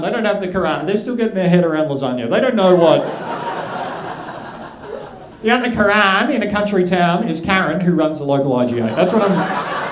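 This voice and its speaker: A man with an Australian accent doing a stand-up routine, telling a story with animated delivery on a comedy club stage. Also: high voice. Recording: echoey club room.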